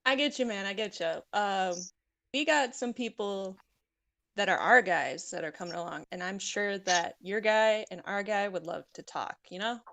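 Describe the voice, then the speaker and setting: A woman playing her adventurer in a slangy tough-guy put-on accent, smoothing things over. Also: medium pitch, normal speed, a bit bright. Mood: soothing. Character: streetwise adventurer talking to a crayfish.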